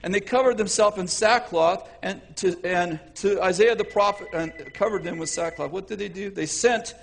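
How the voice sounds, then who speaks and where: Male preacher, high husky voice, animated sermon delivery with acted-out voices. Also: normal speed. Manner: animated, acts out voices, self-correcting.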